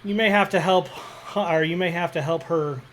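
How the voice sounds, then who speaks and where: A man's voice: a little high, moderate pace, fairly bright tone, slight background noise. A man running a tabletop game as game master, with a hesitant manner full of fillers and restarts.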